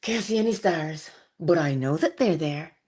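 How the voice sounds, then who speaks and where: A middle-aged woman hosts a morning spiritual livestream from home, talking in an animated, preacher-like way. Her pitch swoops up and down with lots of expression, and she breaks into asides as she goes. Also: normal speed, breathy edge. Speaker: host of a morning inspiration livestream. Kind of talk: spiritual talk and livestream greetings.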